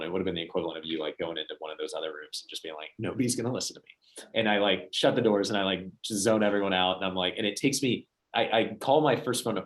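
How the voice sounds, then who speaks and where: A young man talks fast in a lowish voice as he runs a sales training session. He tells stories to the trainees and acts out each person's lines. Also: a bit bright. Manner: storytelling, acts out quoted voices. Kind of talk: motivational training talk.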